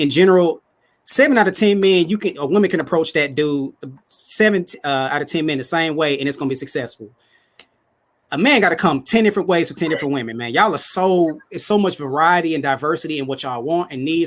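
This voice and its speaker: A man's voice: a little high, fairly bright tone. A man speaking as a panelist in casual podcast chat, laid-back and slangy, leaning often on "you know what I'm saying".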